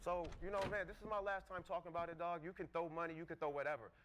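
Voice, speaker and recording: A man's voice: a little high, steady tone, rapid-fire, noisy background. A man co-hosting a casual couch podcast, trash-talking and challenging someone, with lots of "like" fillers. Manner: confrontational trash talk, fillers of "like". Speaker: podcast co-host. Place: studio couch.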